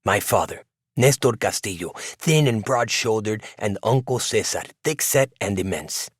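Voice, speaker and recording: A man narrating a novel in the first person, in a reflective, measured way. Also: on the low side, lively intonation, husky, no echo, clean studio sound. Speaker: audiobook narrator. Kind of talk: scripted narration.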